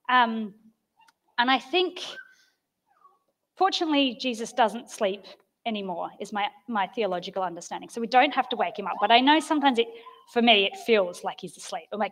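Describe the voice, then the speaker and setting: A woman giving an informal, chatty sermon, telling stories with gentle humour. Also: on the high side, expressive, normal speed. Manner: chatty and storytelling, with soft self-deprecating humour. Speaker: preacher.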